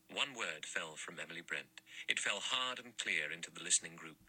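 A deep-voiced man reads a novel aloud in an even, measured way. His voice is husky yet very bright. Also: poor audio. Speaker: audiobook narrator. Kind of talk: scripted narration.

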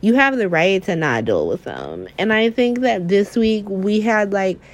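A woman's voice: medium pitch, a little slow. Young adult woman, casual vlogger, mid-range voice, gossipy filler-heavy delivery. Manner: chatty, filler-heavy, profane, animated retelling. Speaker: soap opera recap vlogger. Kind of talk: casual chat.

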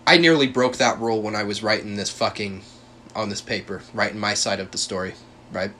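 A man's voice: on the low side, fairly even intonation, a little fast, bright, forceful tone, slight background noise. A young man hosting a podcast, telling a personal story in a heated, profane, emphatic way, with many restarts and repeated words. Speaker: podcast host.

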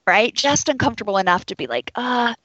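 A woman's voice: fairly high pitch, fairly quick, slightly rough, no echo, dull audio. A woman who works as a labor and delivery nurse, telling a personal story to an audience and acting out the voices of people in it. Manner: animated, acts out quoted voices.

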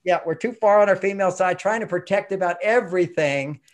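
A man from Texas, an author being interviewed, talking in an emphatic, animated way and laughing mid-sentence. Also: high-pitched, brisk, a crowd in the background. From Texas, USA. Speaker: author guest. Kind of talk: conversational interview.

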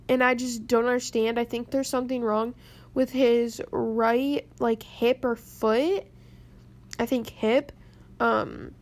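A tearful young woman rambling through a personal story to camera, halting and close to crying. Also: on the high side. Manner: rambling, halting, many pauses. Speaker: vlogger.

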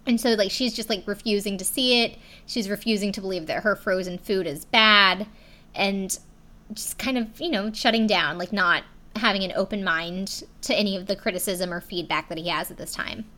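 Recapping a video, a young woman chats loosely through the story, dropping "like" between phrases and casual swears along the way. Her bright, forward voice sits at medium pitch and moves at a normal speed.

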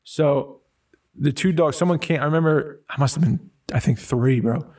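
A man's voice: fairly high pitch, normal speed, darkish tone, distant mic. A man in a casual conversation, telling personal stories in a rambling way with many fillers and restarts.

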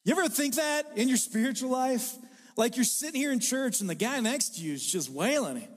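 Brief: male pastor, forties, high voice, casual joking sermon, church hall reverb. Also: a little fast. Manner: conversational and joking, with animated impressions. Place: church hall with a live congregation.

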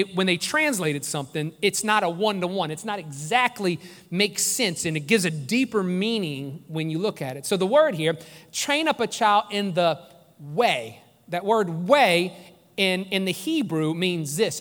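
A man's voice: high voice, a bit bright. Earnest male pastor in a reverberant hall. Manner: earnest, conversational preaching with repeated restarts. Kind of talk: sermon.

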